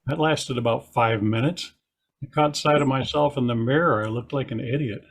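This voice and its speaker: A man's voice: mid-range voice, moderate pace, noisy background. An older man doing a dry, self-deprecating stand-up set over a video call. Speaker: stand-up comedian.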